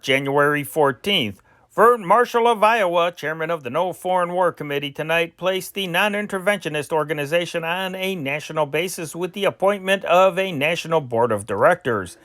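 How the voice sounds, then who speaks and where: Male amateur newsreader, higher-pitched voice, close dry mic, unhurried read with restarts. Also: a bit bright, no room sound. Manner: slow deliberate reading with restarts. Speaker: newspaper reader. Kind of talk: reading old newspaper stories aloud.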